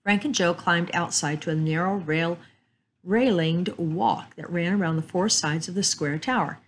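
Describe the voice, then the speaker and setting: A woman storyteller reading a chapter book and a Bible story aloud in a calm, measured way. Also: on the low side, a little hiss or hum, rough recording.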